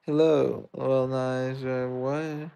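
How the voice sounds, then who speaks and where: A British man chats casually on a game livestream, reading out and answering viewer comments as he goes. His voice sits at an ordinary middle pitch with a noticeable gravelly fry, and he rambles easily from one thought to the next. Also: little pitch movement, drawn-out words, dark tone. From Britain. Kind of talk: casual livestream chat while gaming.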